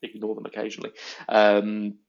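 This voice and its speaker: A man's voice: on the low side, monotone, normal speed, gravelly. A man in casual conversation, reflective and stumbling over repeated words as he thinks aloud. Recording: dull lo-fi audio.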